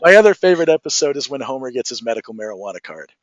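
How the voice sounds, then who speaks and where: A man's voice: mid-range voice, big pitch swings, rapid-fire, no echo, dull audio. A man hosting a podcast, chatting casually and eagerly retelling favorite cartoon scenes with frequent laughter. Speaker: podcast host. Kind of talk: casual conversation.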